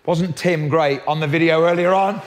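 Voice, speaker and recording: A man preaching a sermon in a lively, jokey way, often restarting his sentences. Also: fairly high pitch, normal speed. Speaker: pastor.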